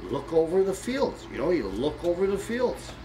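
A man voicing a Russian soldier who makes slow, emphatic guesses while telling a joke. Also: high voice, very animated, dark tone, slight background noise, voice pushed up, low-quality recording. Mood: insistent. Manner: slow, emphatic, pointing and declaring. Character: boastful male Russian soldier guessing ranks.

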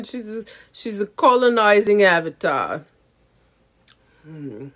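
A woman's voice: fairly low pitch, big pitch swings, moderate pace. A woman content creator chatting casually to camera, giggly and self-mocking. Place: home setup with ring light.

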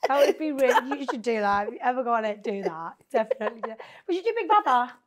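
A woman in her late twenties with a voice on the high side. She hosts a podcast in a loose, chatty way, asking playful questions and riffing with her guest. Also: sing-song, quick pace. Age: 20s. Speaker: podcast host. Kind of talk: casual chat.

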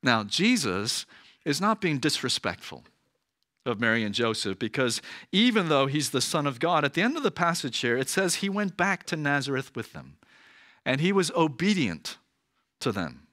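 A man's voice: on the high side, sing-song, normal speed, sharp tone, no room sound, studio quality. A male pastor preaching a sermon in a conversational manner, often checking in with listeners. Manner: conversational, frequent "right?" asides.

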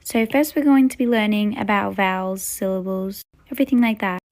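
A woman's voice: mid-range voice, fairly quick, a little mellow, close to an everyday voice. A woman voicing a stern substitute teacher who lectures the class in a role-play story.

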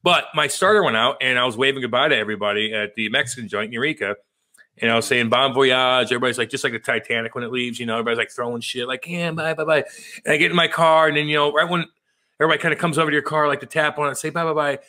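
A man's voice: mid-range voice, bright, forceful tone. A man co-hosting a podcast, joking and swearing freely as he tells rambling stories. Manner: rapid, profane, joking storyteller. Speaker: podcast co-host. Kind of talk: casual podcast banter.

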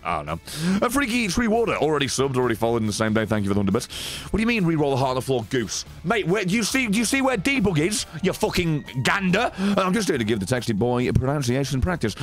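A man streaming a game, chatting casually and swearing as he thanks viewers, his throat hoarse and strained. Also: fairly high pitch, big pitch swings, fast talker, soft background music. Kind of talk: casual live-stream chat while gaming.

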